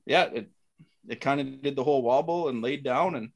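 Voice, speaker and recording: Middle-aged man telling a lively hunting story. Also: mid-range voice, a little fast. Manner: animated, acts out dialogue in quotes. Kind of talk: casual storytelling.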